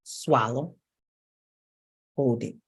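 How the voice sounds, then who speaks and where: A woman's voice: extremely low pitch, very slow, husky. A middle-aged woman vocal coach teaching to camera in an emphatic, coaxing way that repeats phrases for stress. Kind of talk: instructional talk to camera.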